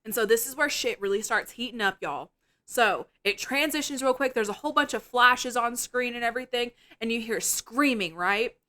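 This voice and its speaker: A woman co-hosting a podcast, retelling a film scene in a profane, animated chat. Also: a little high, moderate pace. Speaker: podcast co-host. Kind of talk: casual movie-review chat.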